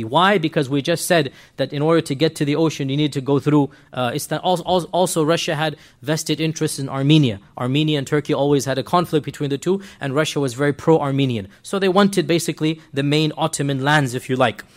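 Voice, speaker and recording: A man giving an online history lecture, emphatic and animated, often asking his students rhetorical questions. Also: on the high side.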